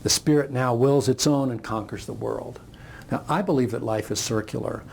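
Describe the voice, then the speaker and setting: An older man gives a reflective motivational talk and unfolds a parable as he goes. His voice is gravelly and rough. The pitch sits in the middle. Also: normal speed, slight background noise. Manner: reflective, storytelling. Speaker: speaker.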